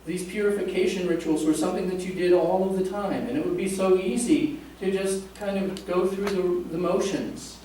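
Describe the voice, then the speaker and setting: In an echoey church sanctuary recorded from a distant mic, a pastor delivers a conversational sermon and jokes with his congregation. His high-pitched, warm voice stays steady at a moderate pace with few pauses, over a faint hiss and roomy reverb.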